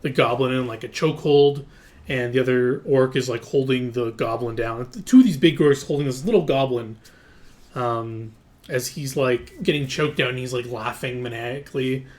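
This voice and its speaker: A man's voice: medium pitch, moderate pace, a little mellow. A man running a tabletop game as game master, narrating casually with lots of fillers. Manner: casual, loose, full of fillers and hedges.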